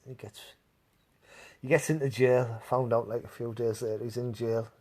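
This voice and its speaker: A man's voice: medium pitch, fairly even intonation, normal speed, a little mellow, slightly rough. A man hosting a live stream, telling rambling stories to his chat, laughing often and swearing freely. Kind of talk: casual storytelling to live chat.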